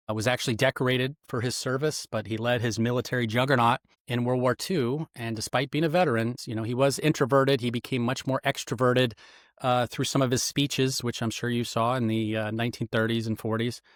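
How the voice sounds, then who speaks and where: Man, middle-aged, brisk delivery, dry close sound, instructive and animated. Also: medium pitch, no room sound. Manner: animated, instructive, acts out quoted lines. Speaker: guest, retired federal agent and interrogator. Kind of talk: explanatory interview talk.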